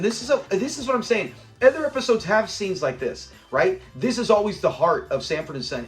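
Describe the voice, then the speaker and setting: A man hosting a casual episode breakdown. He talks with enthusiasm and acts out the lines he quotes. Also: high voice. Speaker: show host.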